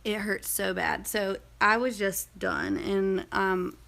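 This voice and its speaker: A woman's voice: medium pitch, steady tone, slow, gravelly, fairly bright tone. A young woman telling a personal story in a casual, rambling vlog, full of fillers and asides. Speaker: vlogger.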